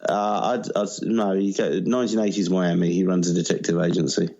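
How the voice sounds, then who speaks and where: Gravelly low man, lo-fi mic. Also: little pitch movement, fairly quick, a little mellow. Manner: dry, jokey asides. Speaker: podcast co-host. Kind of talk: casual podcast chat. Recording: dull lo-fi mic.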